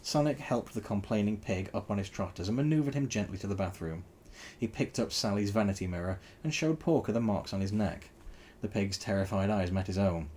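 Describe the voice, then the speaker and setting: A man reading a novel aloud in a wry, animated storytelling style. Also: lowish voice, a little fast, a little hiss or hum.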